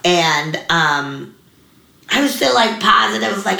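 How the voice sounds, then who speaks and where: A woman's voice: mid-range voice, slow pace, gravelly. A young woman telling a story in a casual interview, chatty and full of fillers, acting out the people she quotes. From US mountain region. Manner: chatty, many likes, animated quoted voices. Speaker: guest comedian. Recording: roomy echo.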